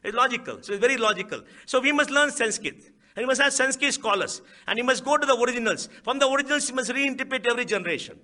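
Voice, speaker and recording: A man's voice: very high-pitched, animated, fast, pushed and bright. A man with an Indian accent giving a public speech at a book event, emphatic, asking rhetorical questions and repeating key phrases. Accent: Indian English.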